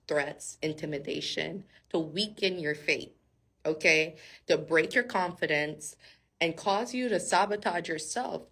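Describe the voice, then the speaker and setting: A woman giving a casual, animated Bible-story sermon. She laughs often and talks straight to her viewers. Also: on the low side, breathy edge. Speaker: faith speaker.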